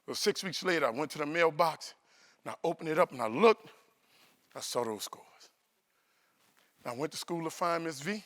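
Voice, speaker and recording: A man's voice: a little high, normal speed, pauses often. A man, a motivational speaker telling humorous stories to a live audience at a university event. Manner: animated, comic, playful with the audience. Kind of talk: humorous storytelling speech.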